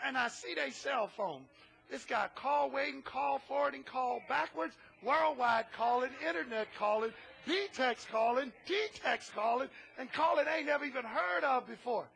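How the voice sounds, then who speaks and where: A man pastor preaching a sermon, animated and often shouting, with humorous asides. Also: extremely high pitch, creaky, breathy edge.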